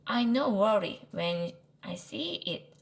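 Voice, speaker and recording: A woman voicing a sharp, bossy little girl who teases her big brother in a matter-of-fact way, read aloud from a storybook. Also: medium pitch, expressive, takes it slowly, vocal fry. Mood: knowing.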